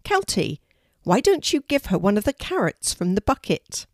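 A woman voicing a friendly farm owner who gently explains how to feed a pony. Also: mid-range voice, sing-song, moderate pace, no room sound, studio quality. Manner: gentle and instructive.

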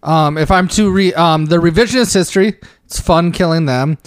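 A man's voice: a little high, moderate pace, clear, resonant tone, dry recording. A man co-hosting a casual movie podcast, making dry joking asides. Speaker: podcast co-host.

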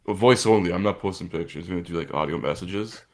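Gravelly deep-voiced man. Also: quick pace, a little mellow. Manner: laughing, joking, swearing. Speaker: podcast co-host. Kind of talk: casual chat.

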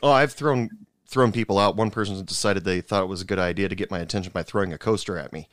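Low-voiced man, dry close sound. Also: quick pace, fairly bright tone, no echo. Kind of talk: casual chat.

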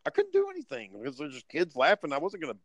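A man's voice: a little high, racing, no room sound, lo-fi sound. A man telling a convention story in casual chat, swearing freely and acting out other people's lines. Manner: profane, animated storyteller who acts out other people's lines. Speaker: podcast co-host.

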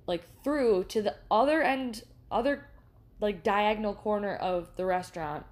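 A woman co-hosting a podcast, telling a story in casual, animated chat, swearing freely and restarting her sentences often. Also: medium pitch, moderate pace. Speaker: podcast co-host.

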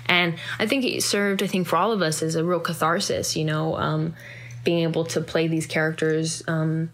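Young woman, low-ish voice, candid rambling interviewee. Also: flat delivery, moderate pace. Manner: rambling, reflective, many fillers and restarts. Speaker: actor being interviewed.

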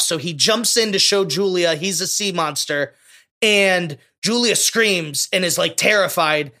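A man with a high, bright, sharp voice chats casually as a podcast co-host. He gushes and gets openly emotional, piling on feeling. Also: a little slow. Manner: effusive, emotional, gushing. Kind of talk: casual movie discussion.

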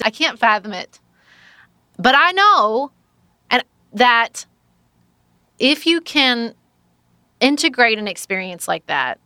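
Woman guest, bright and smooth, slightly higher voice; earnest and emphatic. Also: dry recording. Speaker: podcast guest. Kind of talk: casual book-review chat.

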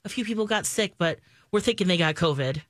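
A woman's voice: lowish voice, animated, fast talker, a bit bright, dry recording, studio quality. Reactive female radio co-host. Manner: reactive, exclaims with surprise. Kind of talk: casual morning radio chat. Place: radio studio.

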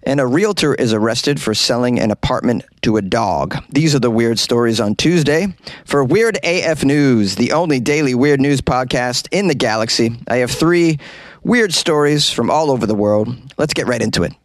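Man, comedic news host, wry joking asides, mid pitch, dry closet sound. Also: lively intonation, moderate pace, no room sound. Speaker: podcast host.

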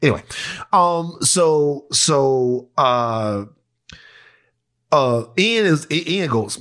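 A male podcast co-host from Louisiana telling a story in casual, animated chat, swearing freely. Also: a little high, takes it slowly.

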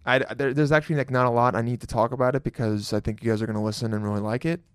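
Man, podcast host, casual rambling talk, profane and jokey, mid pitch, dry close mic. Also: steady tone, very fast, smooth, dry recording. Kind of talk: casual solo podcast intro.

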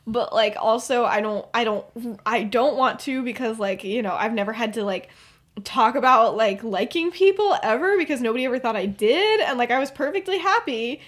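A woman's voice: a little high, lively intonation, moderate pace, natural voice. Woman quoting a flustered young werewolf lad. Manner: rambling, flustered confession. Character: anxious young male werewolf student.

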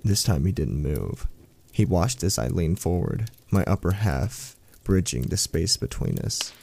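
A man reading a first-person horror story aloud as a storyteller, in a slow, brooding way. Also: deep voice, big pitch swings, vocal fry, a little mellow.

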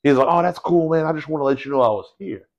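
A man telling a story in casual podcast chat, animated and slangy, calling people bro and dude. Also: on the high side, quick pace.

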